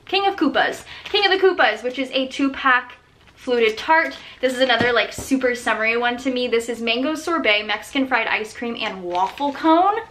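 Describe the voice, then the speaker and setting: A woman in her thirties shows off products in a casual vlog. Her voice is bright and a little high, and she gushes with enthusiasm, often trailing into soft, breathy murmurs. A faint noise sits behind her. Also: normal speed. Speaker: small business owner showing products.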